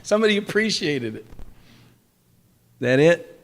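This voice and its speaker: An older man speaks in an informal sermon, moving quickly from one anecdote to the next. His voice sits a little high for a man, and he slips into the voices of the people in his stories. It is conversational preaching rather than a formal address. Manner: animated storytelling, acts out quoted people. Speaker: speaker at a temple class.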